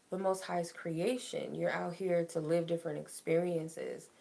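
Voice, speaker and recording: A woman's voice: deep voice, gravelly, dark tone. A young woman tarot reader talking casually and emotionally to her viewers about letting go, filling her speech with "like". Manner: emotional, heartfelt, says "like" often. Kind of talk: casual spiritual talk to viewers.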